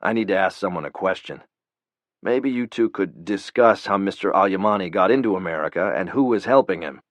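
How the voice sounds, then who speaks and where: A man doing a calm, low, menacing operative. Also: brisk, dry recording, close to an everyday voice. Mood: cold. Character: cold, controlled male CIA operative. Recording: dull lo-fi, dry.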